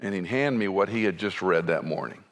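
Low-voiced man preaching conversationally. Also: animated, brisk. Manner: conversational, wide swings between soft and emphatic. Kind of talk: sermon.

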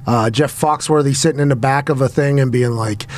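A man's voice: medium pitch, a little fast. Easygoing male podcast host. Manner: upbeat, playful salesman delivery in ad reads. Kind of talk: casual chat and read ad.

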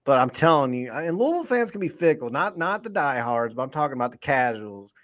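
A man, co-hosting a podcast and rambling excitedly after a football win, full of restarts. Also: mid-range voice, quick pace. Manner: animated, rambling, lots of restarts. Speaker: podcast co-host. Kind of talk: excited postgame sports chat.

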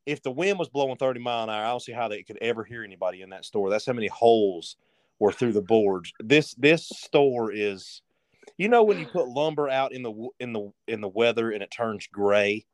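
A man's voice: mid-range voice, lively intonation, brisk, dry recording, clean studio sound. A man telling a rambling story as a guest on a casual podcast.

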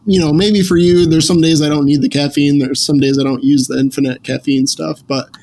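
A man's voice: on the high side, fairly even intonation, brisk, darkish tone, poor audio. A man chatting casually as a podcast guest, rambling with many restarts. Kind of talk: casual chat.

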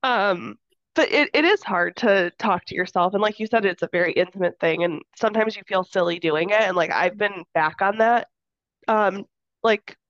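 A young woman in casual podcast chat, speaking at a middling pitch and tossing in "like" often. Her sound is slightly muffled and lo-fi, and dry with no room echo. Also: normal speed, a bit bright. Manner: chatty, frequent "like" fillers. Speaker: podcast co-host.

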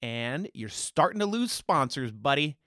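A man's voice: mid-range voice, big pitch swings, measured pace, fairly bright tone, no echo, clean studio sound. A man hosting a sports podcast, giving heated, opinionated, mocking commentary.

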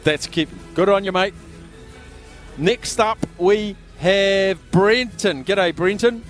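A man hosting a live radio sweep draw from a busy pub, chatty and quick, raising his voice over the room. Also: high-pitched, soft background music.

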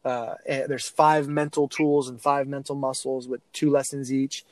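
A man as a podcast guest, telling coaching stories in a casual, animated way with many restarts and fillers. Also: mid-range voice, normal speed, no echo. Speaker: guest, athlete mental-skills speaker.

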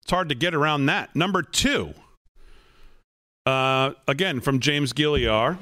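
A man's voice: a little high, unhurried, pauses often, bright, forceful tone, dry recording, clean studio sound. A man reading out points on a political show. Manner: reads messages aloud, lists points. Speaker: host. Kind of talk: political commentary.

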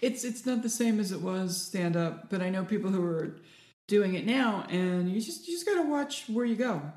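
A woman's voice: mid-range voice, moderate pace. Laughing woman in an echoey room. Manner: laughs often, animated storytelling. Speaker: guest, former stand-up comedian. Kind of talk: casual chat.

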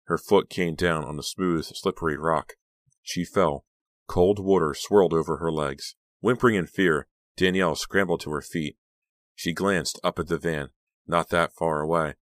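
A man narrating a horror audiobook in a steady, measured reading. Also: deep voice, no echo, studio quality. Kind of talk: scripted narration.

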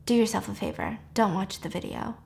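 An anxious young woman, a former med student, trips over her words as she hurries to get them out, voiced by a woman retelling the story. She stammers and restarts and drops to a hush. Her voice sits slightly high. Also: steady tone, a little fast, close to an everyday voice. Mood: guilty, hushed.

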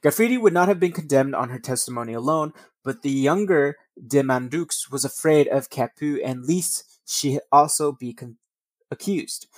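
A man's voice: mid-range voice, normal speed, no room sound. A man hosting a podcast, mixing read passages with rambling, profane casual asides. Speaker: podcast host. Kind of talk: casual storytelling podcast, reading passages aloud.

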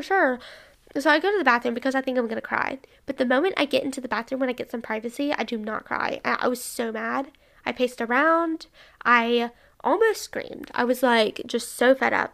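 A young woman casually telling a personal story, chatty and animated, acting out what people said. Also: on the high side, vocal fry. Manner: chatty, animated, lots of "like" and quoted dialogue.

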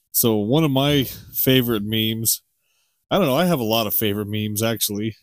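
A middle-aged podcast co-host chats casually and off the cuff, rambling, chuckling, and doing animated impressions. His voice is fairly low and moves at a normal speed. The recording has studio quality with no echo.

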